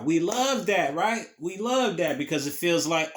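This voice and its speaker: A man's voice: on the high side, animated, moderate pace, few pauses, a bit bright. A man hosting a podcast, recapping an event in a loose, casual, profane storytelling way. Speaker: podcast host.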